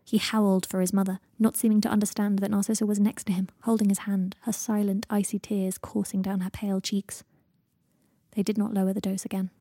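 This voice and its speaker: A woman narrating a fan fiction audiobook in a hushed, intimate way, often near a whisper. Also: medium pitch, level tone, fairly quick, no room sound, studio quality.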